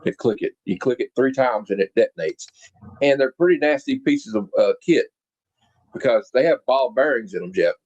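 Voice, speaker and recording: A man's voice: mid-range voice, expressive, normal speed, darkish tone, dull audio. A man hosting a comic book podcast, casually reading a comic aloud and adding his own commentary. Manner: casual, reads dialogue with playful voices.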